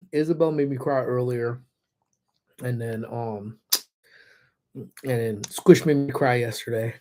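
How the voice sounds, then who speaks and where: A man with a slightly hoarse throat, chatting casually on a livestream, greeting viewers by name and laughing often while parked in his car. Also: medium pitch, warm tone. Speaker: livestreamer who also teaches classes. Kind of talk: casual livestream chat reading viewer comments.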